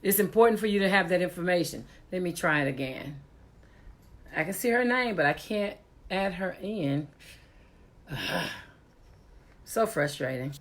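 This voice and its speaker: A woman's voice: fairly low pitch, animated, measured pace, long pauses. A woman hosting a casual live-stream talk show, chatty, laughing often and exasperated at technical glitches, talking into a computer mic.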